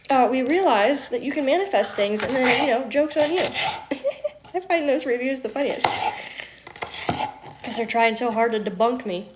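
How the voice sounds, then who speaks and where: Over very noisy surroundings, a high-voiced woman streams live from her home kitchen as she cooks. Chatting casually, she laughs frequently, lets a curse slip now and then, and is teary from the onions.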